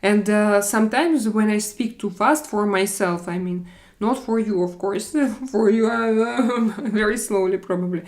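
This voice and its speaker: A woman with a Russian accent chatting casually on a live stream, halting and hesitant, often restarting with fillers. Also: medium pitch, a little mellow. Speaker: livestream host reading chat.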